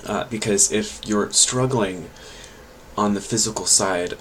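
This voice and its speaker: A man's voice: fairly low pitch, measured pace, fairly bright tone, slight background noise, low-quality recording. A man chatting casually on his vlog and giving language learning tips, rambling and hesitant with many fillers and restarts.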